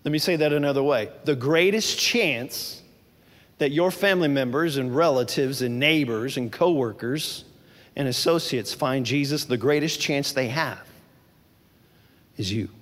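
A man's voice: mid-range voice, moderate pace, in a large hall. A male pastor delivering a sermon, preaching emphatically and asking the congregation questions.

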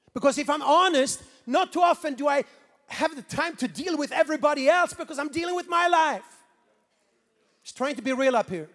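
High-voiced Swedish-accented male pastor. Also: long reverb tail. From Sweden. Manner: animated, swings from quiet asides to loud preaching. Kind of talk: sermon.

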